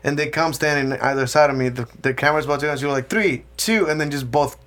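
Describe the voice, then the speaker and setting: A man's voice: mid-range voice, little pitch movement, racing, fairly bright tone. A man co-hosting a podcast, chatting casually and telling rambling stories with plenty of swearing and laughter. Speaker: podcast co-host. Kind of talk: casual chat.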